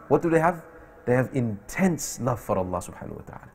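A man's voice: medium pitch, big pitch swings, fast talker, breathy edge. A man preaching a sermon in a mosque, telling a story and voicing its speakers, with emphatic rises. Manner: voices the story's speakers, rising to emphatic peaks.

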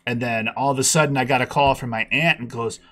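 A man telling a long personal story on a podcast call, acting out the people he quotes with big jumps in his voice. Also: quick pace. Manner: animated, acts out quotes with big pitch jumps. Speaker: podcast guest. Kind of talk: casual storytelling.

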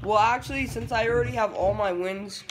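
A man giving live gameplay commentary, excitable and trash-talking, breaking into yelling outbursts. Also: high-pitched, brisk, faint music behind. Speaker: gameplay streamer.

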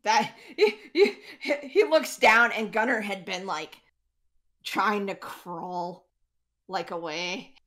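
A woman's voice: mid-range voice, slow pace, fairly bright tone. Woman running a tabletop game. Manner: chatty, laughing often, many fillers. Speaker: game master.

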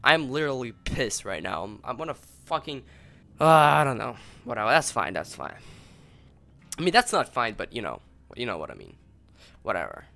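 A man's voice: medium pitch, wildly swooping pitch, moderate pace, gravelly, sharp tone. A young man giving gaming commentary while he plays, swearing a lot and ranting in frustration. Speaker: gameplay video creator.

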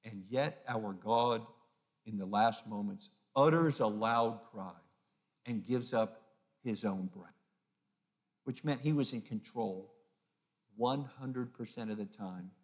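A man preaching as a pastor, emphatic, swinging between loud peaks and hushed low phrases, and acting out the mocking voices of the crowd. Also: slow, pauses often. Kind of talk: sermon.

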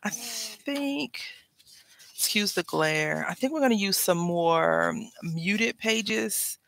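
A woman's voice: mid-range voice, animated, slow, vocal fry, fairly bright tone, no echo, poor audio. A woman chatting casually while she works on a craft project, rambling and wryly complaining in an easygoing way.

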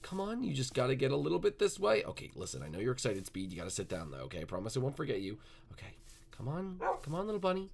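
A man hosting a Minecraft roleplay video, chattering excitedly and coaxing the game animals along. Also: mid-range voice, fast, creaky, noisy background. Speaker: gaming channel host.

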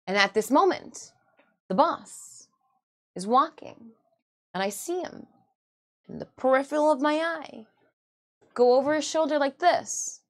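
A woman with a high, light voice hosts her own livestream and talks in a loose, storytelling way. She rambles, corrects herself mid-sentence and voices the people in her stories. Laughter comes easily to her. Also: unhurried, pauses often. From Michigan, USA. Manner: rambling and self-correcting, often laughing, acts out quoted dialogue. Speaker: cosplayer and livestream host.

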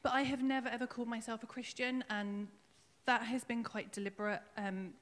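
A woman with a slightly high, fairly flat voice speaks a little fast inside a large hall. She's a member of the congregation sharing a baptism testimony at a church service, her personal faith story coming out nervous, emotional and full of ums.

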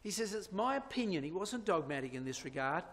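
Fairly high-voiced man preaching in a reverberant hall. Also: big pitch swings, brisk, a bit bright. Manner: emphatic, points at slides, asks rhetorical questions. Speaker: Bible prophecy lecturer. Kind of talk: sermon-style lecture with slides.

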